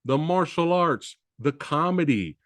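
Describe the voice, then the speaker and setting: A man's voice: on the high side, lively intonation, a little slow. A man hosting an interview, talking with hyped, exclamatory enthusiasm. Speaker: interview host.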